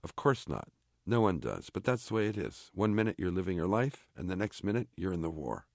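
A man reading aloud, voicing a chatty, bossy army sergeant in an offhand, brisk manner. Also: deep voice, big pitch swings, gravelly, a little mellow, dry recording, studio quality, heavily acted. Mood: explaining. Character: gruff chatty male army sergeant, blunt.

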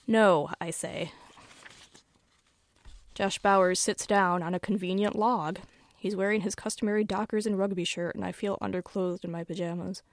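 A woman author reading her own first-person story aloud in a wry, measured storytelling manner. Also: mid-range voice, fairly even intonation, no echo.

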